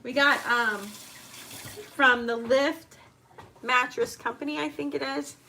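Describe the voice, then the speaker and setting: Woman, bright clear voice, unhurried, chatty kitchen talk, rambling as she cooks. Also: high voice, fairly even intonation, a little hiss or hum. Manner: chatty and rambling, talking while chopping and cooking. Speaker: homemaker vlogger. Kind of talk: casual chat while cooking. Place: home kitchen.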